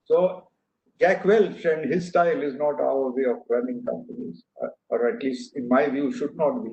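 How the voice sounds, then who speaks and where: A man's voice: on the high side, steady tone, normal speed, a little mellow. Older man speaking in an echoey hall. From India. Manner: anecdotal, earnest, with frequent fillers and restarts. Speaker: speaker giving a talk. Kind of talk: speech to an audience. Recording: echoey hall, dull lo-fi sound.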